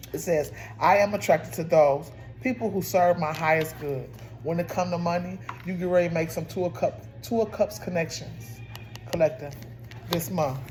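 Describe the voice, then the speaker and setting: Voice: mid-range voice, mellow, slight background noise. A tarot reader giving a casual spoken reading, often repeating and restarting phrases while speaking straight to the listeners. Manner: repetitive, restarts phrases, addresses listeners directly.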